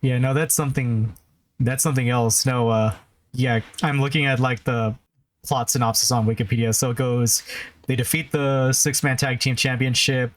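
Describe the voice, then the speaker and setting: A man's voice: medium pitch, fairly even intonation, normal speed. Laid-back man recapping in casual chat. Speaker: podcast co-host.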